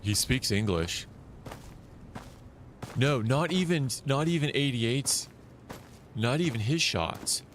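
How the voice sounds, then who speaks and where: A man streaming a survival shooter live, talking loosely and excitedly as he plays, often restarting his sentences. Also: mid-range voice, slow pace, long pauses, a little hiss or hum. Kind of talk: live gameplay commentary.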